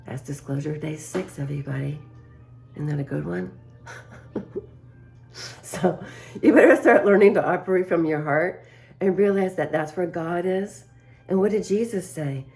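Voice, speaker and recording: A woman's voice: on the low side, moderate pace, gravelly, pauses often, darkish tone, soft background music. A woman vlogger telling a personal story to her viewers in a casual way, laughing often between lines and acting out what people said. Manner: confiding, speaks straight to viewers.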